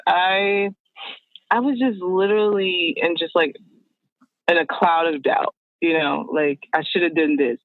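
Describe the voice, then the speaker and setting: A woman guest telling her story on a phone call, animated and acting out the dialogue she quotes. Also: deep voice, no room sound. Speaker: guest, wardrobe stylist. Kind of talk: casual storytelling over the phone. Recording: tinny phone line.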